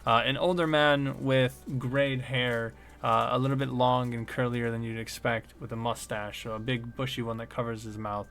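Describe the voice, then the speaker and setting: A man narrates a tabletop game as game master in a mid-range voice. He describes scenes slowly, with many pauses and fillers. Faint background music plays behind him. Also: medium pitch, flat delivery, creaky, a bit bright.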